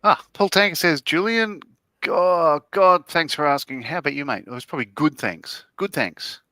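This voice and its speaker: Bright-voiced chuckling hobby host. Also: male voice, on the high side, moderate pace, dry recording. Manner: chuckling, rambling, reads comments aloud. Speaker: co-host reading chat. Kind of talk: casual chat while model building.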